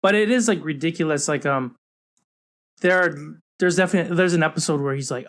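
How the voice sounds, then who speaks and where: A young man co-hosting a casual podcast, talking animatedly and mimicking characters in high voices. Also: a little fast, a bit bright. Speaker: podcast co-host. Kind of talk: casual chat.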